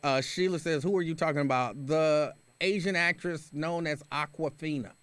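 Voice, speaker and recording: A man's voice: fairly high pitch, moderate pace, a bit bright. A man hosting a radio talk show, reading listener comments and giving his opinions in a casual, conversational way. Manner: conversational, opinionated, with frequent restarts.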